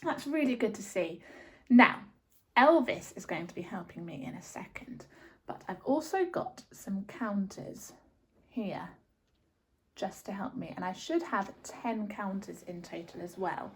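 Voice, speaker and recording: A woman's voice: medium pitch, animated, a little slow, husky. A woman teacher talking to young children through a handheld camera, cheerful and encouraging, counting in a sing-song way. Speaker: early years teacher.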